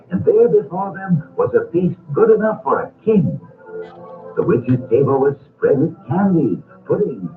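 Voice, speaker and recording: A man narrating a storybook cartoon, reading aloud in a measured, expressive way. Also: on the high side, roomy sound. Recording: tinny old record with music.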